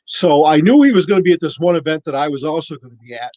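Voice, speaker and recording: A man on a podcast telling a casual, animated story and acting out the voices of the people in it. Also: on the high side, fast talker, dry recording, low-quality recording. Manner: animated anecdote-teller, acts out quoted voices. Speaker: podcast cohost.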